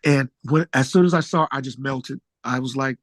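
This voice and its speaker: Speaking a little fast on a recording with no room sound, this middle-aged male musician is casually recounting stories during an interview. When he quotes people, he acts the lines out with big leaps in his voice.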